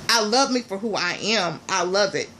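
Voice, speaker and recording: A woman vlogger chatting casually and playfully to her viewers, calling them y'all, with loud bursts between quieter asides. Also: medium pitch, normal speed, slight background noise. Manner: animated, swings between soft asides and loud exclamations.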